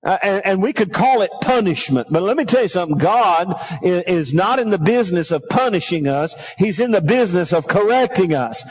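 High-voiced preacher calling for amens. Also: male voice, expressive, a little fast, few pauses, husky. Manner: calls for congregation responses; folksy storytelling, drops to a low aside. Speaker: pastor. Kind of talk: sermon.

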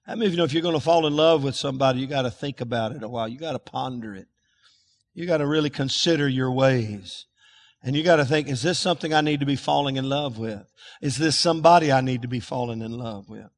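A man's voice: medium pitch, fast talker, big-room sound. A man preaching a folksy sermon, asking the congregation to call out words back to him. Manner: folksy, calls for congregation responses. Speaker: pastor.

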